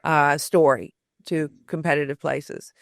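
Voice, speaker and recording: Thoughtful low-voiced woman guest, very dry sound. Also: fairly even intonation, vocal fry, dry recording. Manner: thoughtful, halting with many fillers and restarts. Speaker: podcast guest, storytelling author. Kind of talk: conversational interview.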